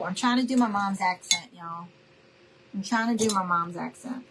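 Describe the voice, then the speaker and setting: A woman's voice: medium pitch, expressive, brisk, fairly bright tone, a little hiss or hum, poor audio. A woman hosting a live crafting demonstration, chatting with viewers, saying y'all and asking okay? as she works. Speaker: craft tutorial host.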